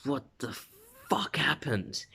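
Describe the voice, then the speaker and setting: A man voicing a hot-tempered teenage boy classmate in a fan story, jumping to loud sudden outbursts. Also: mid-range voice, animated, slow, breathy edge, pitched above the performer's own voice, full character voice. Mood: shocked.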